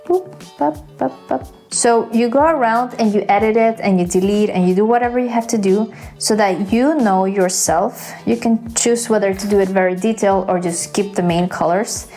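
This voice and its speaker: A woman's voice: medium pitch, moderate pace, hardly any pauses, dark tone, faint music behind. A woman hosting a casual drawing tutorial, chatty and playful, with self-mocking asides. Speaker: art tutorial host.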